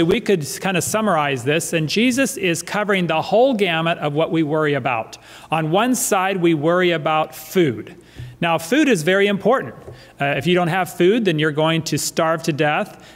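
A man's voice: on the high side, fairly quick. A male pastor preaching a sermon in a church, emphatic and fond of repeating his key phrases. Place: church sanctuary. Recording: church hall reverb.

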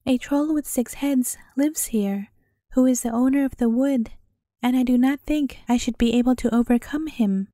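A woman's voice: high-pitched, normal speed, dark tone, dry recording, clean studio sound, close to an everyday voice. A woman voicing a loyal, protective male bull who gives earnest warnings in a storybook reading.

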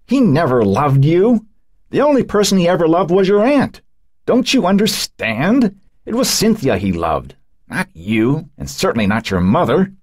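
Guy putting on a high crackly old lady voice, stubborn and piping, audiobook, dry sound. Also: sing-song, normal speed, no echo. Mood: shrill. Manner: insistent, piping. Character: sharp-tongued old woman, accusing and shrill. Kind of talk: audiobook character voice.

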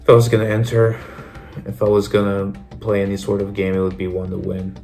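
A young man contestant reflects in a confessional, his low voice gravelly and nearly monotone. Faint music sits under his halting, repeated phrases. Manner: reflective, repeating himself as he gathers thoughts. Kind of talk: confessional interview.

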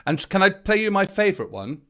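A man's voice: sits high, sing-song, fairly quick, bright, forceful tone. A man co-hosting a children's sing-along livestream, playful and eager in his banter. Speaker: co-host and singer.

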